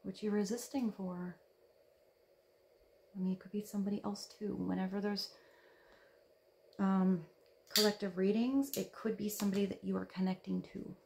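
A woman reading tarot cards in a soft, dreamy way, her voice edged with vocal fry. She drifts between gentle talk and near-whispers. A faint hiss sits under the recording. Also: medium pitch, little pitch movement, normal speed, long pauses. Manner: soft, dreamy, drops to a whisper when reading card texts. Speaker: tarot reader.

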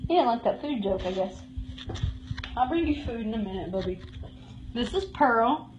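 A woman's voice: on the high side, animated, moderate pace, lo-fi sound, background noise. A woman giving a live tour of a cat shelter, cooing and baby-talking to the cats as she goes. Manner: coos and baby-talks to cats.

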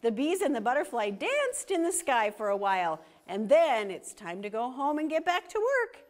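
A woman reads a picture book aloud to young children, stopping often to ask them questions. Her voice sits fairly high and swoops up and down with lively energy. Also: normal speed. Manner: animated, questions for the kids. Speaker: children's storytime reader.

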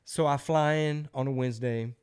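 A middle-aged man hosting a podcast and spinning a long anecdote. He talks in a loose, profane style and throws himself into the voices of the people in his story. His pitch sits at an ordinary middle range for a man. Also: moderate pace, clear, resonant tone. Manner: loose, profane, animated storyteller who acts out quotes. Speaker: podcast host. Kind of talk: casual storytelling.

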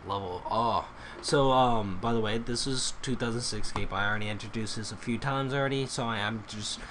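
A man recording himself at home while he plays a computer game, excitable, exclaiming often and swearing freely. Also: lowish voice, slight background noise. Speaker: gamer recording his play. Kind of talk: casual gameplay vlog.

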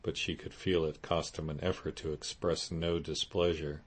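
A man narrating a classic novel as an audiobook in a steady, measured way. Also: very deep voice. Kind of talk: scripted narration.

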